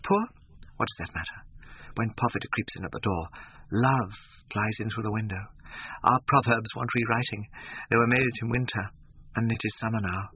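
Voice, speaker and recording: A man voicing a dreamy, lovestruck young woman actress, gushing with rapture in a husky voice. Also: on the low side, normal speed, no echo, lo-fi sound. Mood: rapturous.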